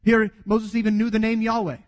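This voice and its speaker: A man's voice: sits high, flat delivery, fairly quick, in a large hall. A man preaching a sermon earnestly, acting out quoted dialogue as he goes. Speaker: pastor.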